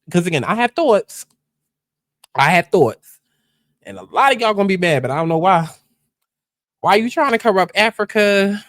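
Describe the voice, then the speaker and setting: A man's voice: a little high, fairly bright tone, no echo, studio quality. A man hosting a casual reaction commentary, chatty and exclamatory as he talks straight to his viewers. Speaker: host.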